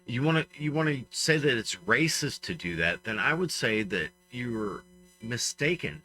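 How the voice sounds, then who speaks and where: A man's voice: medium pitch, big pitch swings, moderate pace, sharp tone, low-quality recording. A man co-hosting a comedy podcast, giving emphatic, ranting opinions in casual banter. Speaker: podcast co-host.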